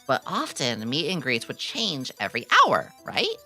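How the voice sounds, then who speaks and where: A young adult woman streaming a casual chat, excitable and giggly, swearing freely and reading her chat aloud. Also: a bass voice, normal speed, soft background music. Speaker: VTuber streamer.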